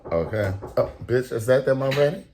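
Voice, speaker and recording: A man's voice: mid-range voice, lively intonation, brisk, a little mellow, slight background noise. A man hosting a vlog, teasing and laughing through casual chat. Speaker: vlog host.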